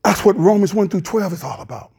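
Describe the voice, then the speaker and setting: Hollering high-voiced preacher man. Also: animated, fast talker, creaky, darkish tone, slightly rough. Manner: impassioned, hollering preacher with colloquial Southern speech. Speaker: pastor. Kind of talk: sermon. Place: church.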